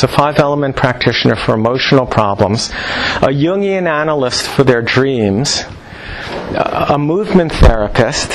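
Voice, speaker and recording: A man giving a live lecture to practitioners, animated and jokey, firing rhetorical questions at the room. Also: a little high, slight background noise, rough recording. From New York. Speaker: lecturer on Chinese medicine.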